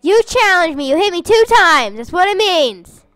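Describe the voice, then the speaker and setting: Excitable woman gamer, very high and bouncy voice, dry close mic. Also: normal speed, dry recording. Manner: excitable and playful, yelps and shouts during play. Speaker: gamer playing with her siblings. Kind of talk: casual gameplay chat. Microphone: desk microphone.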